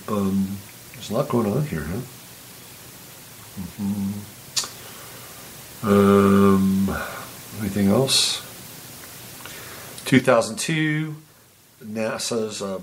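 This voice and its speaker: A podcast host with a lowish male voice casually reads through dates and birthdays, rambling and humming to himself between items. There's slight background noise.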